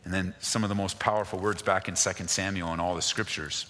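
A man preaching a sermon, reading scripture aloud and speaking directly to the congregation, moving from raised, urgent pleas to low, quiet asides. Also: fairly even intonation, fast. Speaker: pastor. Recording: long hall reverb.

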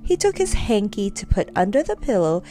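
A woman reading a children's story aloud, expressive and storytelling. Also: mid-range voice, moderate pace, soft background music.

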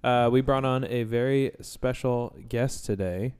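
A man's voice: mid-range voice, a little slow, a little mellow, clean tone. A male podcast co-host with a mid-range voice. He is playful and giggly as he leads into the guest introduction. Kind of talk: casual podcast chat.

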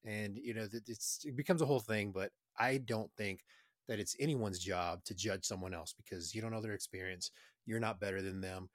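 A man's voice: on the low side, a little fast, dry recording. Blunt, profane man, dry sound. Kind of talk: casual crude chat.

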